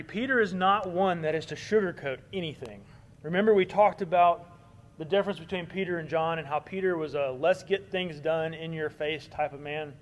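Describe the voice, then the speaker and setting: Earnest preaching man, slightly high voice. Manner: earnest, building emphasis then softening. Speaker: pastor. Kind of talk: sermon.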